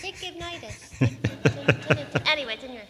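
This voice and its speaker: A woman's voice: high voice, very animated, unhurried, faint music behind. A woman in the audience calling out playfully. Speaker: audience member. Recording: distant voice, long hall reverb.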